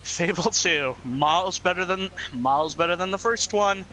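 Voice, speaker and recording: A man chatting casually over a game stream, making quick quips and laughing often. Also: sits high, a crowd in the background, low-quality recording. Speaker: friend joining the stream. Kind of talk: casual joking chat.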